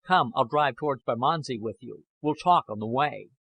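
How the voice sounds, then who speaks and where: A man voicing a cold, scheming man who answers curtly and evasively, in a husky voice. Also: medium pitch, fairly bright tone, dull audio. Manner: measured, curt replies.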